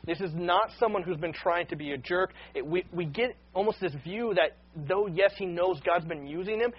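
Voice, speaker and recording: A man's voice: high-pitched, moderate pace, husky, muffled recording. A man preaching a sermon, earnest and unscripted, often repeating words as he starts a sentence. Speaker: pastor.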